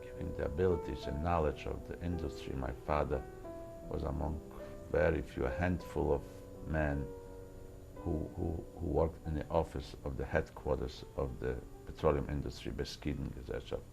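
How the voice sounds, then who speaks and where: Deep gravelly old man, halting testimony. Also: steady tone, music in the background, poor audio. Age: older. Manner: halting, repeats words while searching for them. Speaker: interviewee recounting wartime memories. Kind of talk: personal testimony.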